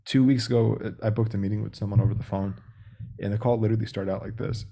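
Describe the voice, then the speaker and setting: A man's voice: fairly low pitch, fairly even intonation, fast talker, vocal fry, mellow. A young man speaking as a podcast guest about sales, talking directly and acting out phone calls. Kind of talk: casual interview talk.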